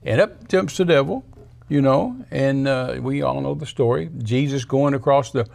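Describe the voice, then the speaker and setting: An older male preacher with a gravelly, creaky voice speaks in a folksy, conversational way on a TV studio set. He teaches from scripture as a guest and breaks into lively, higher-pitched voices whenever he quotes someone. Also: moderate pace. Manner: folksy storyteller who acts out quotes in a raised voice.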